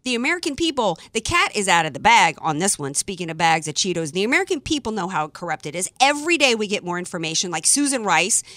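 Indignant talk radio hostess, sharp and dry. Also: female voice, medium pitch, big pitch swings, fast talker, hardly any pauses, dry recording. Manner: emphatic and indignant, sarcastic asides; stumbling restarts when fired up. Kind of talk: opinionated talk radio monologue.

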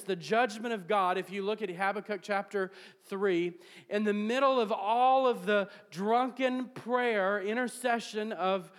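A man preaching a sermon to a congregation, reading scripture aloud and building to shouted peaks, with jokes and laughter along the way. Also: high voice, smooth. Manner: preaching with rising bursts of shouting. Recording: long hall reverb.

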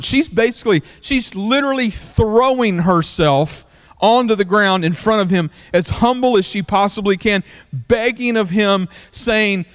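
A man preaching a sermon, retelling a story in a loose, animated way with many fillers. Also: high-pitched, measured pace. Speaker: pastor.

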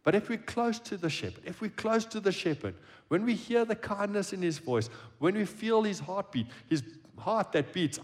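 A man preaching a sermon at a church service, shifting between emphatic lines and hushed, quiet phrases. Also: fairly high pitch, unhurried. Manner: expressive preaching, drops to a hushed tone on key phrases. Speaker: pastor.

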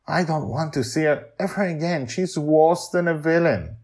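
A man voicing a young pirate girl, upset and strained, in a high put-on voice. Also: normal speed, darkish tone, lightly acted. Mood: bitter. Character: small fierce girl pirate, angry and hurting.

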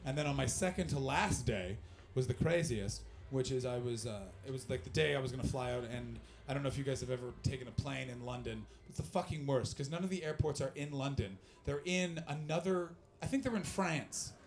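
A young Canadian comedian chats with the crowd and delivers animated, profane, loosely told stories over some background noise. He talks fairly quickly in a mid-range voice, leaving few pauses.

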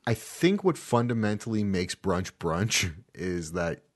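A man's voice: low-pitched, big pitch swings, measured pace. A man hosting a casual podcast chat, joking and swearing freely. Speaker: podcast host.

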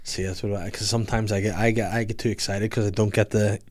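Fast-talking, excitable man. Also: fairly low pitch. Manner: excitable, quick, trips over his words. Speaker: podcast guest. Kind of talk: casual chat.

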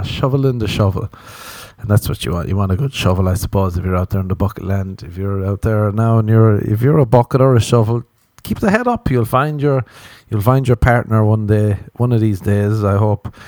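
Irish guy riffing on his podcast, crude and rambly, lowish voice, dry close sound. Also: warm tone, no room sound. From Ireland. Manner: crude, jokey, tangential storytelling. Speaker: podcast host. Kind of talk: rambling comedic monologue.

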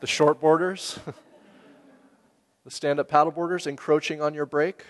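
A man preaching a sermon in a relaxed, conversational way, asking the listeners questions and laughing now and then. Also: fairly high pitch, moderate pace. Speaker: pastor. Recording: long hall reverb.

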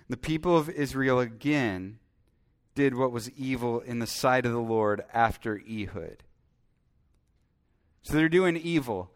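A man's voice: medium pitch, clean tone. A man preaching a sermon, reading Bible verses and commenting as he goes, acting out voices now and then. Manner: animated, acts out voices when telling the story.

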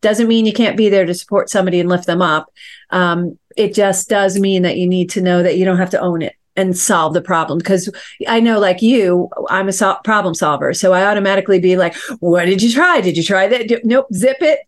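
A woman's voice: on the low side, steady tone, fairly quick. A woman hosting a coaching chat, encouraging and guiding listeners through exercises. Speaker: host and success coach.

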